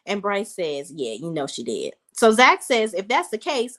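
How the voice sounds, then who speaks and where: A woman's voice: medium pitch, very animated, normal speed, hardly any pauses, fairly bright tone. A woman in her thirties giving a chatty, casual recap of a reality TV episode, talking straight to her viewers. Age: 30s. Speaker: reality TV reviewer.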